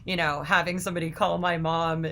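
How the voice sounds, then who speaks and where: Female interview host, crisp bright tone with some fry, encouraging. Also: on the low side, flat delivery, a little fast. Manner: warm, encouraging reactions. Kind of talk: interview chat.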